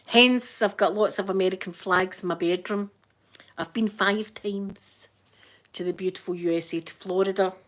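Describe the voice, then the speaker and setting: A woman with a broad, thick Scottish accent rambles cheerfully to her livestream viewers. She talks in a mid-pitched voice, greets people by name and laughs often. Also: fairly even intonation, normal speed. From Scotland. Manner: chatty, laughs often, reads out viewer names. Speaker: livestreaming YouTuber. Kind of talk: casual live chat.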